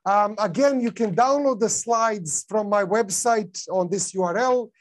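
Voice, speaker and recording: A man's voice: high voice, measured pace. A man with a non-native English accent giving a conference talk, casual, with many fillers and restarts. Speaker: conference speaker.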